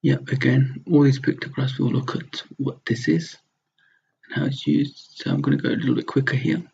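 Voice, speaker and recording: A man's voice: mid-range voice, fairly even intonation, normal speed, vocal fry, a little mellow, husky. A man teaching a recorded slide lesson, explaining step by step and repeating words to model their pronunciation. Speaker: language teacher. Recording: dull lo-fi sound.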